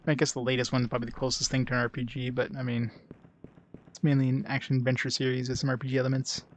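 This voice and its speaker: A man's voice: medium pitch, monotone, rapid-fire. A man playing through a role-playing game and commenting on it casually, in a wry, sarcastic way with lots of fillers. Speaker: let's play host.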